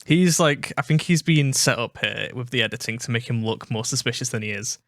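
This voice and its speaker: A man from Manchester, England, with a British English accent hosts a reaction video, offering casual commentary over a clip. He muses aloud and second-guesses himself, repeating words. His mid-range voice is fairly bright and slightly fast, with no echo.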